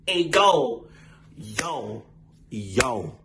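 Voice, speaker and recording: A man's voice: on the high side, moderate pace, crowd noise. A man hosting his own storytime vlog, talking casually and animatedly to his viewers with lots of slang. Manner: animated, chatty, playful, uses slang and swearing. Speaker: storytime vlogger, channel host.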